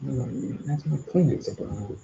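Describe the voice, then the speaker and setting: A man's voice: mid-range voice, takes it slowly, creaky, dark tone, dull audio, a little hiss or hum. A man hosting a live stream Q&A outdoors, rambling casually as he reads out viewer comments. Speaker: channel host.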